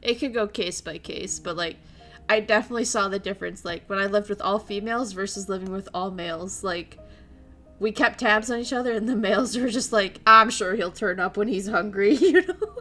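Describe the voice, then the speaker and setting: A young woman streamer chatting casually with her viewers in an animated way and laughing often. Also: medium pitch, brisk, soft background music. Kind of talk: casual chat while streaming.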